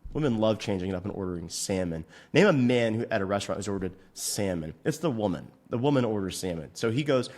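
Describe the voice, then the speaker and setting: A man's voice: on the low side, animated, fast talker, hardly any pauses, a little mellow. A male fitness coach in a profane, mock-outraged comedic rant, swearing constantly.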